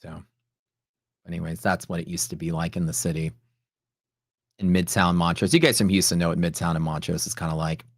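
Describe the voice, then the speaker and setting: Chatty and casual, a futures trader hosts a live trading stream and spins rambling stories full of "like" and "dude." He speaks in a low, fairly even voice, a little fast and with frequent pauses, over clean studio sound without echo.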